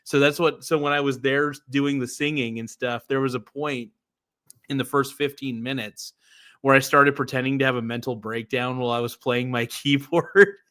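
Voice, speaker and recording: A man's voice: mid-range voice, steady tone, moderate pace, sharp tone. A man hosting a podcast in casual chat, laid-back, cursing and calling his guest dude. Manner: laid-back, swears a lot, says dude. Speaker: podcast host.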